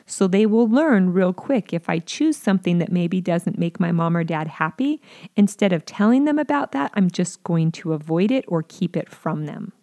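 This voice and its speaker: A woman's voice: on the low side, lively intonation, moderate pace, warm tone. A woman speaking earnestly to parents, teaching how to respond to children with curiosity, sometimes acting out what a parent might say. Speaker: parenting educator.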